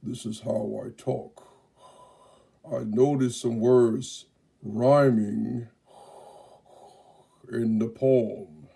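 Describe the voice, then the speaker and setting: A man voicing a slow, ominous, heavy-breathing male bystander in a comic classroom skit. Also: medium pitch, fairly even intonation, creaky, dark tone, pitched below the performer's own voice.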